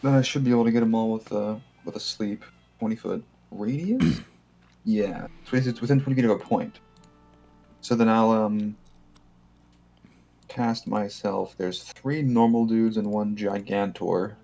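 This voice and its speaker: A man's voice: on the low side, a little slow, gravelly, warm tone, soft background music. A man playing a tabletop game, thinking aloud and asking questions in casual talk. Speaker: player.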